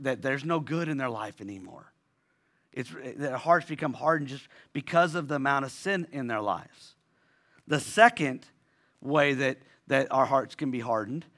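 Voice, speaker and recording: A pastor preaching a sermon in a conversational way, restarting phrases often and asking rhetorical questions. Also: male voice, on the high side, fairly bright tone.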